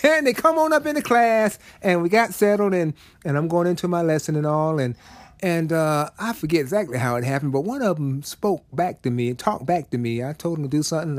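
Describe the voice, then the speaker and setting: A man's voice: a little high, sing-song, a little fast, dry recording. A middle-aged man preaching a storytelling sermon in a folksy, conversational way with emphatic turns.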